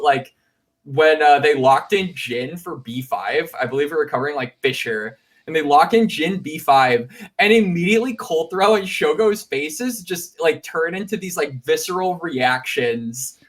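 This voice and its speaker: Chatty young co-host, off-mic. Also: male voice, on the high side, moderate pace, fairly bright tone, distant mic. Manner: chatty storyteller, swears casually. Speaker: podcast co-host. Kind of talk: casual esports podcast chat. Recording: voice sits back from the mic.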